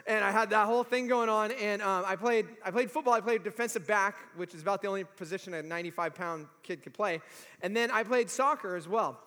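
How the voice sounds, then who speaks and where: High, bright-voiced storytelling pastor. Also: male voice, a little fast. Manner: animated storytelling with humor. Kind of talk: sermon. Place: church sanctuary. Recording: long reverb of a large hall.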